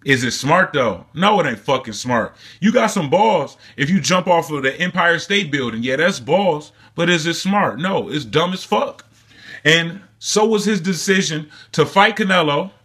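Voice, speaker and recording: Young man, husky and tense, delivering a scornful, profanity-heavy sports rant. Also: a little high, lively intonation, normal speed, a bit bright. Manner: heated, scornful, swears constantly. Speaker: boxing commentary vlogger.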